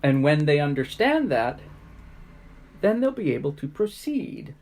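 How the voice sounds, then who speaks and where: A big, wise old spider from a storybook talks gently and patiently, voiced by a woman reading aloud. The spider explains in an unhurried, soothing way, with a lively, rising and falling lilt. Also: sits low, gravelly, exaggerated voice. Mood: explaining.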